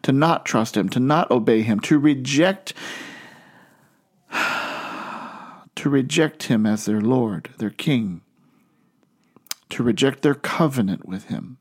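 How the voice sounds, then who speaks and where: A man delivers a sermon with a medium-pitched voice. He speaks earnestly, slowing down and lifting his voice for emphasis on key phrases. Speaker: pastor.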